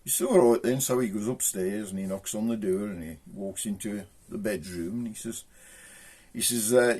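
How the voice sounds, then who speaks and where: A man with a Black Country accent telling jokes, doing his characters' voices with shouts and raised pitch. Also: normal speed. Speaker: joke teller.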